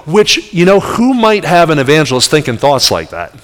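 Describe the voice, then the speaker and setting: Middle-aged preacher in a reverberant hall. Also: male voice, sits high, moderate pace. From New Jersey. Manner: animated storyteller, voice jumps up for the punch lines. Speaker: traveling evangelist. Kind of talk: sermon with personal story.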